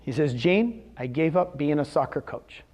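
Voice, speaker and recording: A man speaking live to a room of real estate agents, animated and quizzing his audience with questions, often acting out what others told him. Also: a little high, moderate pace. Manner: retells conversations in quoted voices. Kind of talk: live seminar talk.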